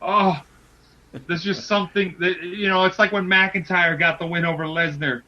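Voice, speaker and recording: A man co-hosting a casual podcast, making wrestling predictions and talking in excited, emphatic bursts that repeat words. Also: high voice, moderate pace, dull audio, a crowd in the background. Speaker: podcast co-host.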